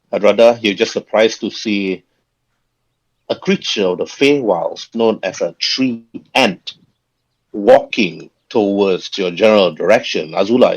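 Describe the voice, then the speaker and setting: A man running a tabletop game as game master, talking in a halting way with frequent chuckles. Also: lowish voice, husky, dull audio.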